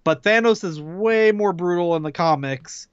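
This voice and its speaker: A podcast co-host with a high, clean voice and no echo, speaking at normal speed, chats casually while reviewing a film. His opinions are relaxed and full of fillers, and the recording has a dull, dry lo-fi sound.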